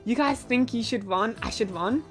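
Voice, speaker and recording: A woman's voice: a little high, moderate pace. A young woman streaming a game, chatting with her viewers and giggling often. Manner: giggly, talks to chat. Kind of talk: live gameplay commentary. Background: soft background music.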